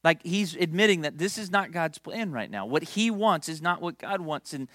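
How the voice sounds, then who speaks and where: A young man preaching a sermon in a conversational, animated way, with storytelling and asides to the congregation. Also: fairly high pitch, moderate pace, dry recording, clean studio sound. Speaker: pastor.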